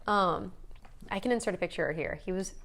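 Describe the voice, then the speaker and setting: A woman's voice: fairly low pitch, brisk, vocal fry, fairly bright tone. A young woman co-hosting a casual eating video, chatting and giggling a lot, with many filler "likes". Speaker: co-host. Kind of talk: casual chat while eating. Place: indoors, on a couch.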